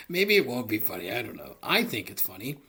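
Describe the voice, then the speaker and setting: A man's voice: medium pitch, pushed and bright, breathy edge. A man hosting a solo comedy podcast, rambling profanely into a close microphone and laughing at his own jokes. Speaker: podcast host. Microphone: close studio microphone.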